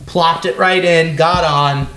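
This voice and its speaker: A man with a high, light voice banters loosely about sports on a podcast. He keeps spinning silly jokes. His voice rings in a roomy, echoey space. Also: fairly even intonation, slow pace, background noise. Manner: joking, riffing on absurd bits. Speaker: podcast co-host. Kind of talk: casual sports chat. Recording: roomy echo.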